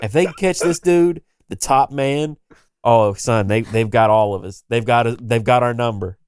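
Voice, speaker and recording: A man's voice: mid-range voice, moderate pace, darkish tone, smooth, no room sound, clean studio sound. A man co-hosting a podcast, telling a story in casual, emphatic, joking chat. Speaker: podcast co-host.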